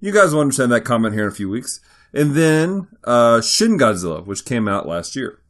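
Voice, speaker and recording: A man's voice: mid-range voice, big pitch swings, brisk. Upbeat, playful male podcast co-host. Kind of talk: casual podcast chat.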